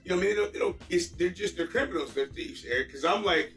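Guy in his 40s ranting through a story, bright voice, mic kinda far off in a roomy space. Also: high-pitched, fast. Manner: animated ranting storyteller acting out dialogue. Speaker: storyteller in group chat. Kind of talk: casual chat. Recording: roomy, distant mic, faint music.

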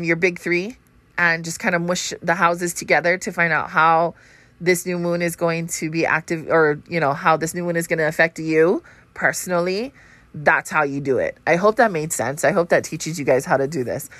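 A woman's voice: on the low side, fairly bright tone, no echo. A woman, congested and short of breath, rambling through a casual astrology chat and swearing freely. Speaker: podcast host.

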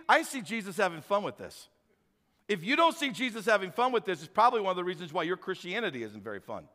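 An energetic male pastor preaches and talks straight to his congregation. His voice is high-pitched and bright. A long reverb hangs on it from the hall. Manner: energetic, animated, addresses congregation directly. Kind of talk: sermon.

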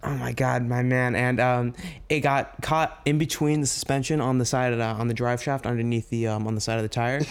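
Fast-talking young man telling stories. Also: medium pitch, little pitch movement, clear, resonant tone. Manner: rambling storyteller, profane. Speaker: podcast co-host. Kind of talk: casual chat.

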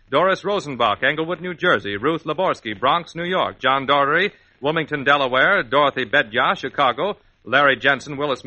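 A male radio announcer briskly reading a list of names on an old broadcast. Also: mid-range voice, pushed and bright, lo-fi sound.

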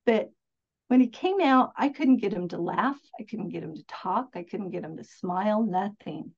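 An enthusiastic woman tells stories as a guest on a podcast in a casual interview, sounding upbeat and rambling, often restarting her sentences. Her mid-range voice is expressive at a moderate pace, captured with dull lo-fi sound.

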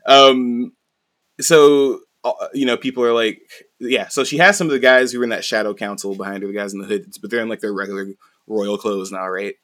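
A man hosting a podcast, casually recapping manga chapters with animated storytelling, peppered with "like" and "right?". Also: fairly low pitch, a little fast.

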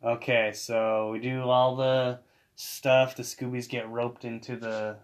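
A man co-hosting a casual chat that recaps a TV episode. He talks playfully and now and then acts out scenes in a high mock voice. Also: level tone, slow pace. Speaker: podcast co-host.

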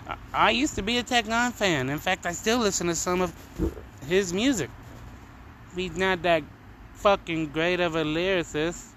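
A podcast host with a high, fairly bright voice at a moderate pace rants casually on his own from home, heated, mocking and swearing heavily. There's slight background noise, including passing cars.

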